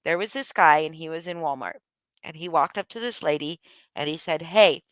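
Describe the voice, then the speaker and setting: Low-voiced woman, candid and profane. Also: brisk, a bit bright, no echo. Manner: candid, profane, rambling with many restarts. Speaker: vlogger. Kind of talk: casual rambling monologue.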